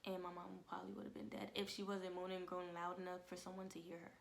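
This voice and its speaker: Young woman, casual emotional testimony, gravelly fry, soft whispers. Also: on the low side, level tone, quick pace, slight background noise. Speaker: vlogger. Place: home.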